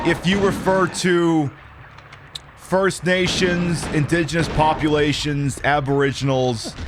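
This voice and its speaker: Man, game livestreamer, casual commentary, rambling and opinionated, somewhat high-pitched voice. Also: noisy background. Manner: rambling, opinionated, full of fillers.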